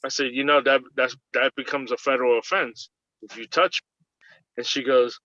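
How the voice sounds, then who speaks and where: A man's voice: medium pitch, steady tone, normal speed, sharp tone, no room sound. A man casually retelling a confrontation at his airline job on a video call, animatedly acting out both sides of the exchange. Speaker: airline agent. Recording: dull lo-fi video call audio.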